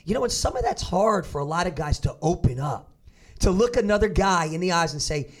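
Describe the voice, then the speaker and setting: A man with a fairly high voice hosts a casual podcast conversation. He talks quickly and earnestly, with an encouraging push. His speech runs fast and eager. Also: lively intonation. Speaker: podcast host and fitness coach.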